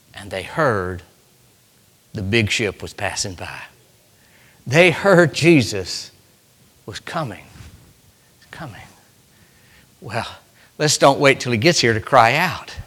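Male preacher, fairly high, bright and forceful, dramatic loud-soft swings in church. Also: big-room sound. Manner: preaching with sudden swings from loud cries to hushed near-whispers. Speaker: pastor. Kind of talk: sermon.

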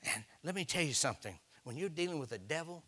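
Male preacher, folksy storyteller who acts out voices, bright and a touch high. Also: expressive, fast talker, slightly rough. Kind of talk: sermon.

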